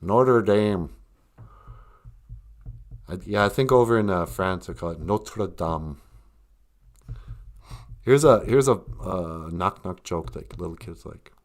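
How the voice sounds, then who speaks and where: A man's voice: deep voice, lively intonation, takes it slowly, long pauses. A man with a Minnesota accent, hosting a live stream in a casual, joking monologue, mocking people with put-on voices.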